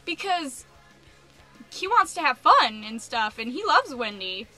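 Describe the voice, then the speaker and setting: A young adult woman vlogging a casual rant, animated and exasperated, peppering her speech with "like.". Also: on the high side, normal speed, faint music behind.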